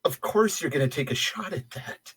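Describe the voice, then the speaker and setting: A man in casual chat, enthusiastic and quick to act out lines. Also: fairly high pitch, lively intonation, a bit bright, breathy edge.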